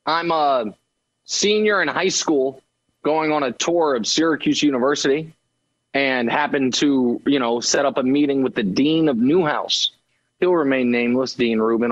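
A man guesting on a sports radio show, trading animated, mock-indignant banter, his voice jumping up when he gets worked up. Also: moderate pace, lo-fi sound. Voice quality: higher voice he calls bad for radio.

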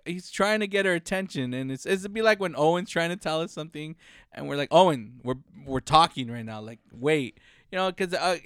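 A man in casual podcast conversation, excitable and quick to laugh. His pitch swings widely as he retells scenes. The sound is close and dry. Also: no room sound. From United States. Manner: animated, swears, laughs often, acts out movie lines. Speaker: podcast co-host. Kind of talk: casual chat.

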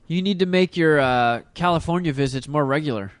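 A man's voice: a little high, brisk, clear, resonant tone, dry recording. A man co-hosting a casual podcast, teasing the others with crude jokes. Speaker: podcast co-host.

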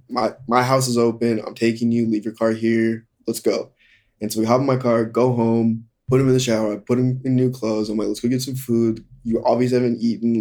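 A young man candidly telling a hard personal story in conversation, halting and full of fillers. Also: mid-range voice, mellow. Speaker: guest.

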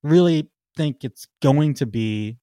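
A man co-hosting a podcast, talking in a slightly high voice that grows excitable and breaks into laughs. He trails off into ums as he searches for his next point. The sound is dry and close. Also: slow, dry recording. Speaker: podcast co-host. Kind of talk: casual chat.

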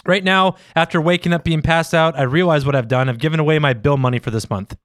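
A man's voice: on the high side, brisk, a bit bright, no room sound, clean studio sound. A man co-hosting a comedy podcast, reading listener stories aloud in a casual, profane, laughing way.

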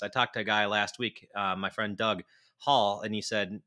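A man's voice: lowish voice, moderate pace, pushed and bright. A man co-hosting a business podcast in loose, rambling casual chat, often restarting his words. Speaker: podcast co-host.

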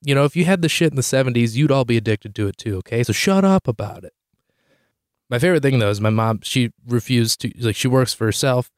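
A young man hosting a podcast, telling a comic story in a rambling, animated way, swearing freely and jumping high in pitch when he quotes himself. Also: fast talker, few pauses, dry recording, clean studio sound. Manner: rambling with many "like" fillers and restarts. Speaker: podcast host. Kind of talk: comedic storytelling monologue.

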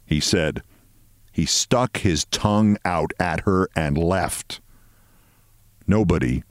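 A man reading a short story aloud in a low, expressive voice that rises and falls a great deal. The sound is dry and close, with no room echo. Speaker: podcast host.

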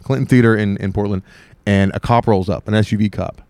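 A man telling a long story in casual podcast chat, animated and rambling. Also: on the low side, fairly quick, no room sound. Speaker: podcast host.

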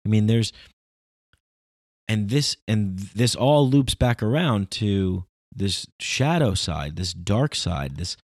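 Male, reflective monologue, digressive and emphatic, deep-ish, dry recording. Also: animated, takes it slowly, a little mellow, dry recording. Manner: rambling, philosophical, emphatic.

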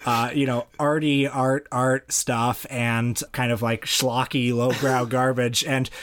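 A man's voice: medium pitch, level tone, takes it slowly, a bit bright. A young man from Canada co-hosting a film podcast in casual chat, self-deprecating and hesitant, with frequent restarts. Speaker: podcast co-host.

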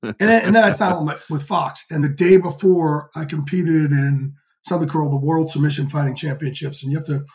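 A man in his fifties, a podcast guest telling lively, profane stories in a casual interview. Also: on the high side, fairly quick. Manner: energetic, profane, animated storyteller. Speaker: podcast guest, sports insider.

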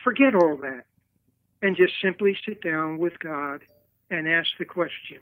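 A man giving a slow, earnest preacherly talk, heard over a tinny phone line. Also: on the high side, no room sound. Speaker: guest speaker.

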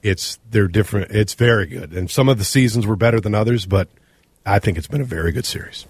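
A man with a Minnesota accent co-hosting a casual radio talk show, animated and rambling, often correcting himself mid-sentence. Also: on the low side, fast talker, slightly rough, dry recording. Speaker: radio co-host.

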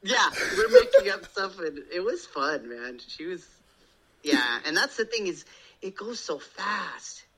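A man in his thirties chatting casually as a podcast guest, an animated storyteller who slips into playful voices. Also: sits high, a little slow, vocal fry, crowd noise, poor audio.

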